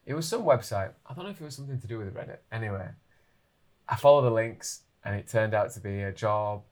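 A man, telling a story in an animated, casual way with lots of fillers. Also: on the low side, quick pace. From England.

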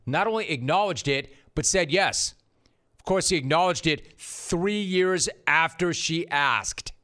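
A man's voice: on the high side, a little slow, sharp tone. A man hosting a sports talk show, delivering a sarcastic monologue and repeating his punchlines for effect. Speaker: sports radio host.

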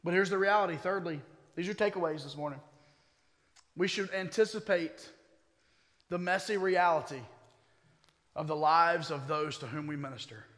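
A male pastor preaching a sermon, conversational at times and building to forceful emphasis. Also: a little high, normal speed, long pauses, in a large hall. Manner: conversational asides with humor.

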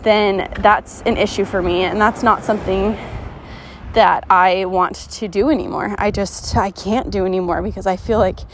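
A woman's voice: mid-range voice, fairly even intonation, moderate pace, slight background noise. A woman hosting a podcast, talking casually and earnestly to her listeners, full of "like" fillers and restarts. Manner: chatty, many "like" fillers and restarts; earnest and encouraging. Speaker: podcast host. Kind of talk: casual motivational podcast talk.

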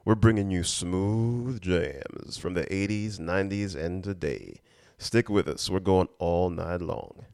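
A smooth late-night radio DJ played by a man, unhurried and drawn out, every word stretched as he spins the music. The voice sits deep and low and stays clean and resonant. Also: a little mellow, dry recording, studio quality, exaggerated voice. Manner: slow, drawn-out smooth delivery.

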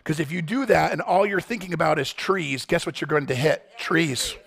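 Impassioned high gravelly male pastor. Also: normal speed. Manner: impassioned, swings between loud pleading and low quoting. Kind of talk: sermon.

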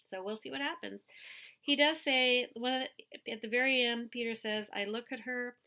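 A woman co-hosting a casual podcast while sick. Her voice is bright and gravelly with vocal fry. She recaps eagerly and chats freely. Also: on the high side, moderate pace. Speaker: podcast co-host. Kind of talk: casual chat about a reality TV show.

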